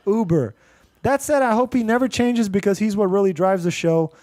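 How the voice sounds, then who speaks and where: Podcast host, man, mixed Indian-American accent, high voice, loose rambling delivery with laughs. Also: normal speed, a little mellow, dry recording. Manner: rambling, laughs often, restarts and fillers. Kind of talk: casual podcast chat, reading listener reviews.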